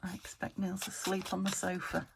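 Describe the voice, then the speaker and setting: Woman, British accent, crafting vlog host, rambling self-talk, soft murmured asides, gravelly voice, noisy home recording. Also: medium pitch, level tone, normal speed. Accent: British English. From United Kingdom. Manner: rambling, talks to herself while working, drops into soft murmurs. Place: upstairs room at home. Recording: home recording with noticeable background noise.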